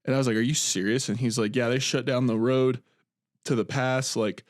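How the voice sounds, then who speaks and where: A man's voice: mid-range voice, steady tone, brisk, no room sound, studio quality. A young man co-hosting a podcast, telling a story in casual chat, swearing freely and acting out the quotes on a podcast mic. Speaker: podcast co-host.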